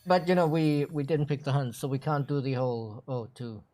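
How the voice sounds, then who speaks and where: A man from Germany, a native German speaker, chatting in English on a livestream, thoughtful and a little halting. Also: on the high side, warm tone. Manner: thoughtful, halting, repeats words when starting. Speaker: game developer co-host. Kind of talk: casual livestream chat.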